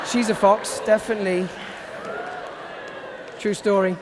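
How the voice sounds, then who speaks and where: A man giving a sermon to a congregation, conversational and humorous, often dropping to soft, hushed tones. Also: fairly high pitch, moderate pace, vocal fry, pauses often, long reverb tail, a little hiss or hum. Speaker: guest preacher. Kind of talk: sermon with personal stories.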